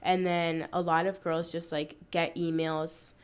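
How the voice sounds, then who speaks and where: Young woman from Florida, athlete guest, easygoing chatty delivery, slightly low voice. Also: level tone, a little slow, clear, resonant tone. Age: young adult. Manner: casual, filler-heavy, frequent "like". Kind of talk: casual interview chat.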